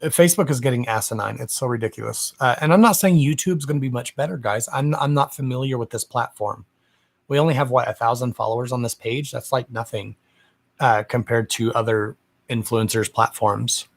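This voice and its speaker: He speaks briskly in a mid-range voice with some vocal fry, hosting a live stream as a psychic medium from home. The chat is sassy and full of gossip, with plenty of swearing and "darling" tossed at viewers.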